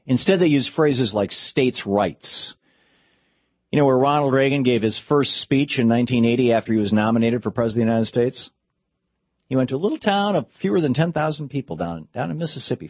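A man's voice: mid-range voice, dry recording. A man delivering a political commentary monologue, impassioned and with sarcastic asides. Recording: dull lo-fi dry recording.

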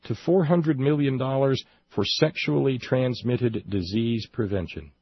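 A man's voice: medium pitch, a little slow, slightly rough, no room sound, muffled recording. A man delivering a sarcastic commentary monologue, mocking and indignant in turns, with hesitant restarts as he reads from a report. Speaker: political commentary host.

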